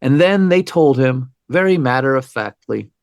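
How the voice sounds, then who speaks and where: A man's voice: mid-range voice, expressive, normal speed, creaky, clean tone, no room sound, studio quality. A man co-hosting a true-crime podcast, telling the story with wry, conversational asides. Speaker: podcast co-host.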